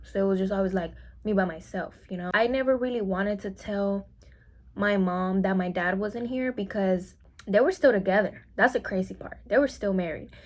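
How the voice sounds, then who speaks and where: In a casual vlog, a young mukbang vlogger from Mexico recounts something that happened to her, peppering it with "like"s and performing other people's lines. Her voice is medium-pitched and a little mellow, at a moderate pace.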